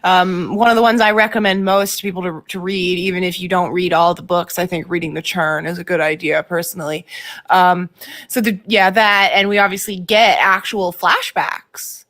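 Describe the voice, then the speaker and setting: A woman's voice: fairly low pitch, steady tone, normal speed, a bit bright. Enthusiastic woman guest reviewer. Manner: enthusiastic, knowledgeable, filler-heavy. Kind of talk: casual TV review chat.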